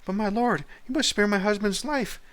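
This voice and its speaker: Man putting on a peasant wife, high falsetto, pleading, desperate, game voice. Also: normal speed, a bit bright.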